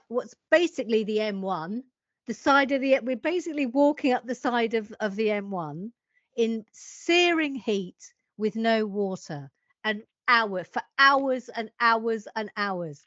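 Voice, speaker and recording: Lively woman telling a funny story. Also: a little high, no echo, highs cut off. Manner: lively storyteller, fast asides and self-mocking humor. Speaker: podcast guest. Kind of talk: animated anecdote telling.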